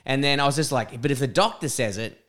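Young Aussie man, mid-pitched, blunt and animated co-host. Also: quick pace. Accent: Australian. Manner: animated, blunt, swears freely. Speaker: podcast co-host. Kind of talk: casual chat.

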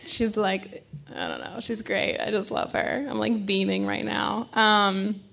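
A woman giving a halting, emotional personal testimony as a speaker at a recovery meeting, full of fillers and restarts. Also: mid-range voice, expressive, gravelly, fairly bright tone.

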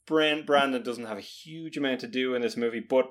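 A man's voice: medium pitch, fairly quick. A man co-hosting a podcast in casual film chat, rambling and correcting himself as he goes, now and then swearing and then apologizing for it. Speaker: podcast co-host.

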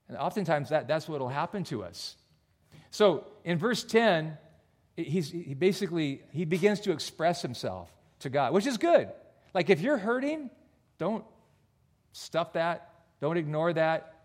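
Male pastor, earnest sermon delivery with hushed drops, slightly high voice. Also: expressive, unhurried. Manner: earnest, dips to near-whisper on soft points. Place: church.

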